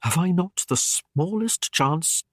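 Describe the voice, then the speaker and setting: A man reading an audiobook who voices a flattering knight with a coaxing, smooth manner. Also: a little high, slow, no room sound, clean studio sound, exaggerated voice. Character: smooth-talking knight wooing a woman.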